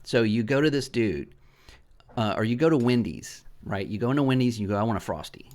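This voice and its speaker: A man's voice: medium pitch, darkish tone. A middle-aged man hosting a casual gaming podcast, telling rambling stories with swearing and lots of restarts. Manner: rambling, profane storyteller; halting restarts and fillers. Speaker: podcast host.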